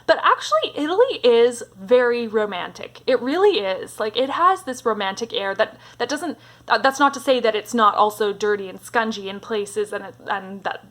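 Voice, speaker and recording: A woman reviewing a book in a casual vlog, retelling the story in a chatty, animated way with lots of fillers. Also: a little high, moderate pace. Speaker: book vlogger.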